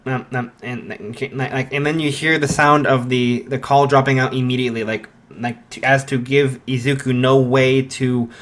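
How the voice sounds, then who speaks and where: A man casually improvising a fan story out loud, rambling with lots of fillers. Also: mid-range voice, level tone, normal speed, hardly any pauses.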